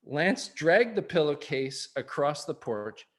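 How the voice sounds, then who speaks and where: A man reads a children's picture book aloud, his high voice swooping with animation. He takes it slow and breaks into little chuckling asides. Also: very animated. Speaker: early-years program reader.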